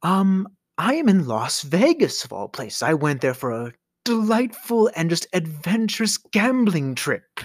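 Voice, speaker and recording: A man's voice: high voice, very animated, unhurried, no room sound, studio quality, pitched above the performer's own voice, exaggerated voice. A man voicing a young male phone scammer who poses as a grandson, pleading in an overly formal, theatrical way. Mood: smarmy pleading.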